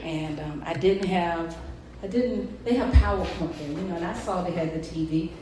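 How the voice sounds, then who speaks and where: A woman preacher delivering a sermon with call-and-response, moving between quiet talk and shouting. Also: on the low side, normal speed, a little hiss or hum. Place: church hall. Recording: echoey hall, distant mic, crowd responding.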